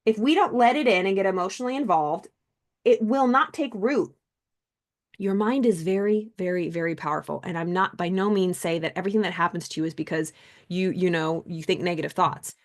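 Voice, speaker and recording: A middle-aged woman host and mindset coach talking casually on a live stream, animated and chatty. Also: fairly low pitch, fairly quick. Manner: animated, chatty, acts out quoted people.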